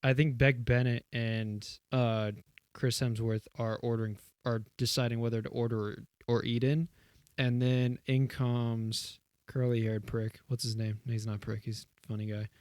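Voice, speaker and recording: A man's voice: mid-range voice, flat delivery, normal speed, darkish tone, clean tone, no echo, clean studio sound. A young man co-hosting a podcast, casually retelling a comedy sketch with lots of "like" and swearing. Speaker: podcast co-host. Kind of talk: casual chat.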